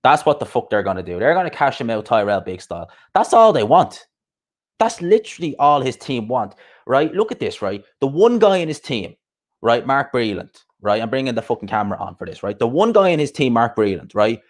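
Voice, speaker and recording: On a laid-back boxing live stream, the male host delivers a blunt, profane rant packed with rhetorical questions. He speaks fairly quickly in a sing-song, mid-range voice.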